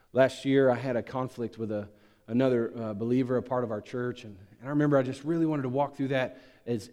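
A male pastor preaching a sermon, swinging from loud, emphatic peaks to hushed, low asides. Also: in a large hall.

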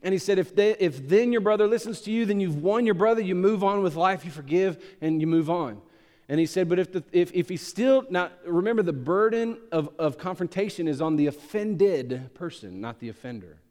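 A male pastor delivers an impassioned sermon in a slightly raised register. He rises to loud, emphatic peaks and then falls into quiet, low asides. His voice carries a long reverb from the church hall around him. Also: expressive, fairly quick.

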